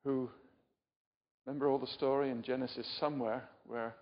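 Speaking at a normal speed in a steady, mid-range voice, an older Englishman delivers a chatty, informal sermon. He often questions his audience and pokes fun at himself. The sound comes through muffled, echoing in a hall.

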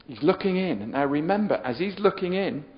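Male preacher, high voice, storytelling building to shouted appeals, lo-fi recording. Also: expressive, brisk. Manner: builds from quiet storytelling to loud shouted exhortation. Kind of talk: sermon.

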